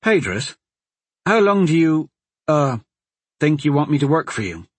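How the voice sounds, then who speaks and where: A man's voice: on the high side, very animated, a little slow, husky, dry recording, voice pushed up, heavily acted. A man voicing an earnest, hesitant young servant boy in a fantasy audiobook.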